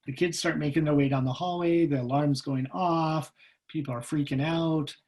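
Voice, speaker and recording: A man giving a personal storytelling talk as a guest speaker over a video call, lively and humorous, acting out the voices in his stories. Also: on the high side, normal speed, poor audio.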